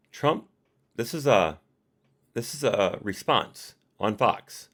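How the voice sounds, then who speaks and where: Low-voiced man reading a report aloud. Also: animated, takes it slowly, a bit bright. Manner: reads punctuation aloud and adds personal asides. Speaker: reader and commentator. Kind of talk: live reading of a report with commentary.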